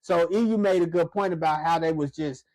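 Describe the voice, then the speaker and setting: Casting note: man, podcast co-host, lively storyteller, higher voice, dry close sound. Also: a little fast, dry recording. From Chicago. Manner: animated storyteller, acts out quotes. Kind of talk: casual chat.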